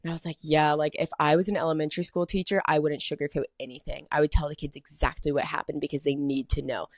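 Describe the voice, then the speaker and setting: A young woman hosts her podcast alone, rambling through a personal story and filling every pause with "like". Her voice sits a little low for a woman. The sound is dry and close, with no room in it. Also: flat delivery, no room sound. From Atlanta, US. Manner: chatty, rambling, heavy filler "like". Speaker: podcast host. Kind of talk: casual solo storytelling.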